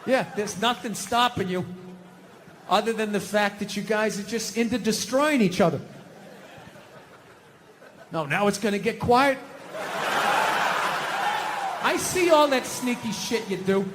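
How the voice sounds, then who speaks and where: A man's voice: high-pitched, unhurried, long pauses, a bit bright, in a large hall. A man doing a stand-up routine, ranting and mocking. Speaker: stand-up comedian. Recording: live show with background noise.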